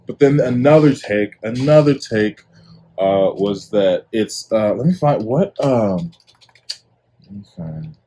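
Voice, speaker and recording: A man's voice: lowish voice, expressive, slow pace, warm tone. A young man hosting his own podcast, talking casually and rambling with lots of fillers. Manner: laid-back, rambling with many fillers. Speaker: podcast host. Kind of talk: casual solo commentary.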